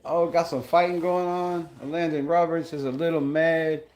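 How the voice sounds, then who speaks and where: A man hosting a live game-watch stream, excitable and blunt, calling plays, griping about flags and greeting chat viewers. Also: a little high, normal speed, lo-fi sound. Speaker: livestream host.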